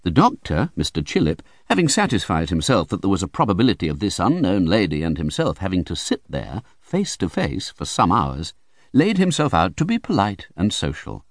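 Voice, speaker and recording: Deep-voiced, animated male audiobook narrator. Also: normal speed, no room sound. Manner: vivid, theatrical storytelling. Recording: dry close studio recording.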